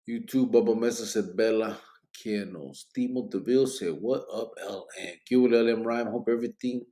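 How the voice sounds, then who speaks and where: A livestream podcast host, warm-toned and mid-range, speaks at a normal speed late at night while reading out viewer comments. He yawns and sounds sleepy, keeping things relaxed and jokey, with Spanish slang sprinkled in.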